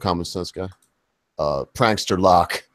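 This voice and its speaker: Man, low voice, dry close sound, rambling folksy host talk. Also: unhurried, fairly bright tone, no room sound. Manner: rambling, folksy, self-correcting. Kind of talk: casual podcast panel chat.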